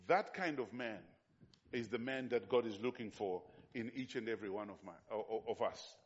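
A man's voice: fairly low pitch, moderate pace. Emphatic male pastor preaching, lo-fi sound. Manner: emphatic, repetitive, with rhetorical questions to the congregation. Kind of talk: sermon.

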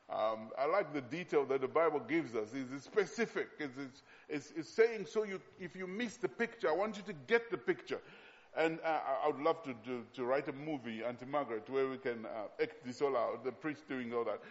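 Emphatic preacher in a reverberant hall. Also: male voice, on the high side, expressive. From Zambia. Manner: emphatic, repeats key phrases slowly. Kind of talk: sermon. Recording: long hall reverb, dull sound.

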